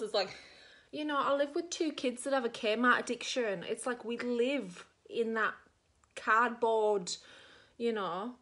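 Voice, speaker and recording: This makeup vlogger is a middle-aged Australian woman whose voice sits on the high side and moves unhurriedly. She does her makeup on camera while telling a long, meandering story littered with fillers.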